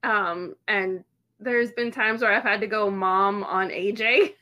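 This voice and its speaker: A woman's voice: mid-range voice, fairly even intonation, a little slow, sharp tone, dry recording. A woman hosting an interview, bantering and laughing easily with her guest. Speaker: host. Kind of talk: casual chat.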